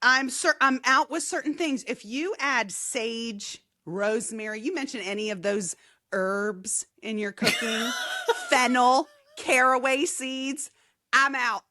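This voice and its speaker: A woman co-hosting a podcast in casual chat, telling playful, animated stories. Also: a little high, slow, dry recording, clean studio sound. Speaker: podcast co-host.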